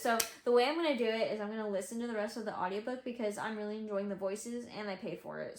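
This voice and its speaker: A woman talking casually in a reading vlog, chatty and excitable, with many fillers and restarts. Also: a little high. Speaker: book vlogger. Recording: roomy echo with faint music.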